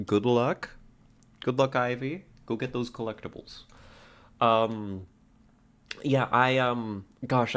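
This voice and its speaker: A man's voice: fairly low pitch, fairly bright tone. A man streaming live, chatting casually with viewers, laughing often and stumbling over his words. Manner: giggly, stammering, reads out chat puns.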